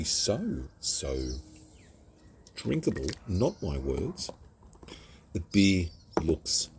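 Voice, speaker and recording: A man's voice: very deep voice, vocal fry, a little mellow, slight background noise. An Australian man reviewing a craft beer outdoors at home, chatty and self-mocking, rambling from one topic to the next. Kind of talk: casual rambling vlog.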